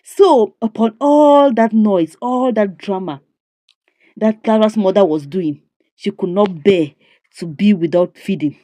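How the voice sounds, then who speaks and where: A woman's voice: medium pitch, measured pace, warm tone, no echo. A woman recapping a comedy series in a dramatic, judgmental storytelling way, full of rhetorical questions.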